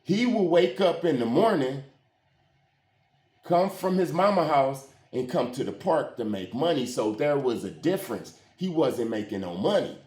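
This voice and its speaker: A man's voice: medium pitch, sing-song, normal speed, a little mellow. A man telling a story from his own life in casual, slangy street talk, often checking in with "you hear what I'm saying". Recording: roomy echo.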